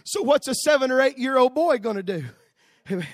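A male pastor preaching a sermon, telling a story and building to shouted calls punctuated with "uh". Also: extremely high pitch, expressive, brisk, no echo, clean studio sound.

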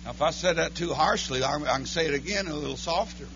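A man preaching a holiness church sermon, chanting his lines between breathy "uh, amen" beats. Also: on the high side, fast talker, fairly bright tone, highs cut off, slight background noise. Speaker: pastor. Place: church sanctuary.

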